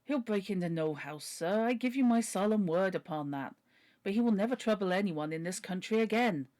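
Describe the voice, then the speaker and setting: A woman's voice: mid-range voice, animated, a little fast, dark tone, natural voice. A woman voicing a humble, pleading older male butler while reading a novel aloud. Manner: earnest, deferential, begging.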